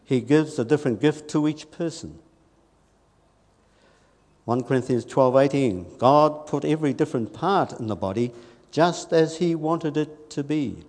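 Preaching at a measured pace, this earnest man's voice sits on the high side and rings through the church hall with long reverb. His sermon is conversational, moving between quiet asides and emphatic rises.

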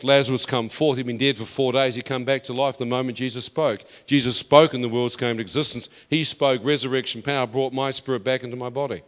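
A man preaching a testimony sermon, emphatic and building to loud declarations. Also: mid-range voice. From New Zealand. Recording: long reverb of a hall.

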